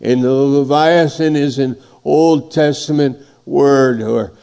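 Male preacher, gravelly, unhurried, emphatic sermon delivery. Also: mid-range voice, fairly even intonation, mellow. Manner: slow, emphatic preaching, voice swelling and dropping.

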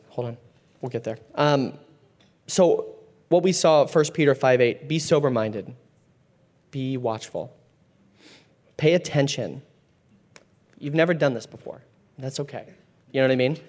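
A man in his thirties leads a casual faith talk for a small group. He rambles, starts over often and fills pauses with "um" and "like," with a voice of middling pitch. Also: darkish tone. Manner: rambling, many fillers and restarts. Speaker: church group leader.

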